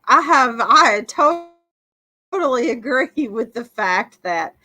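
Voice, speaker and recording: A woman's voice: fairly high pitch, animated, slow pace, sharp tone. A woman hosting a live stream in casual, laid-back chat, laughing often.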